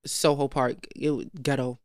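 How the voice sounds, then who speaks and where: Ranting young New woman, smooth voice. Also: very deep voice, normal speed, no room sound, studio quality. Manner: animated, profane, ranting. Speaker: podcast host. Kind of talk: casual storytelling chat.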